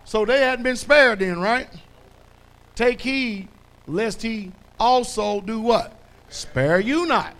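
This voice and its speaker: A male pastor with a high-pitched voice and lively intonation takes his sermon slowly, speaking plainly and colloquially. He keeps prompting the congregation to complete verses before building into loud, emphatic delivery.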